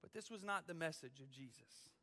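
A man's voice: a little high, lively intonation, bright, forceful tone, in a large hall. A man, a student pastor, preaching a dramatic, emphatic sermon in a church. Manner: dramatic, emphatic, drawn-out phrasing.

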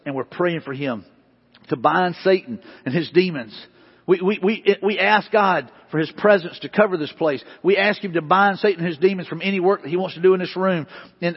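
A male pastor preaching a sermon, repeating questions emphatically and building to loud, rising bursts. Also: high voice, expressive, brisk, husky. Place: church sanctuary. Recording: dull lo-fi hall recording.

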